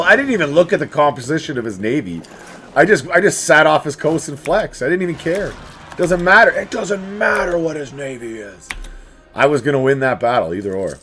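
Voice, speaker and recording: A man's voice: a little high, brisk, a little hiss or hum. A man giving casual, chatty commentary as he plays a strategy game, talking straight to the enemies on screen. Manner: animated, chatty, talks to the game's enemies. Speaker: let's play host.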